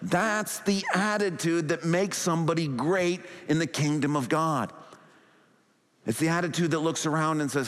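A male pastor preaching a sermon with animated delivery, acting out quoted thoughts in a rising and falling voice. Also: on the high side, normal speed, big-room sound. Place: church sanctuary.

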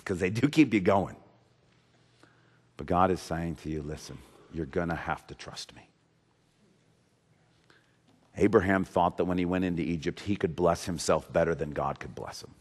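A man preaching a sermon from the pulpit, earnest and repetitive, rising to emphatic peaks and dropping to a hush. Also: low-pitched. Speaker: pastor. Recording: long reverb of a large hall.

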